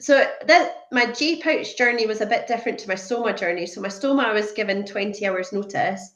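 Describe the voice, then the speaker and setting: A woman's voice: medium pitch, fairly quick. Woman telling her story, roomy. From Scotland. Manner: lively retelling, acts out quoted speech. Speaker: podcast guest. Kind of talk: conversational storytelling. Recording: roomy echoey room.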